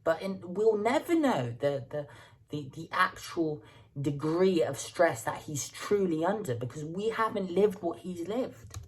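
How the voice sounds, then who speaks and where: A woman's voice: lowish voice, lively intonation, a little slow, husky. A woman hosting a music reaction video, talking casually and stumbling over repeated words as she thinks aloud.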